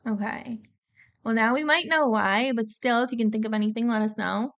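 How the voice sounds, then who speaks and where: A woman co-hosting a music reaction chat. She talks casually and quickly piles on fillers. Her voice sits a little high and comes across smooth and clear. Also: a bit bright, lo-fi sound. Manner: chatty, lots of "like" fillers. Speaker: co-host of a music reaction channel.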